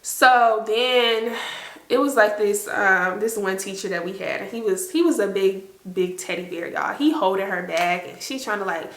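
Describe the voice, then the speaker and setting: Bright-voiced young woman telling a story. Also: mid-range voice, normal speed, reverberant. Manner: animated, heavy use of "like", acts out quotes. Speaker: storytime vlogger. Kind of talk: casual storytelling to camera.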